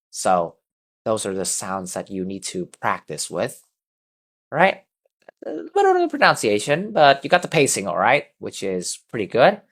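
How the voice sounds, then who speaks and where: A man's voice: lowish voice, huge pitch swings, normal speed, fairly bright tone. A man teaching an English class over a video call, patiently drilling words and having students repeat them. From Vietnam. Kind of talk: online class instruction.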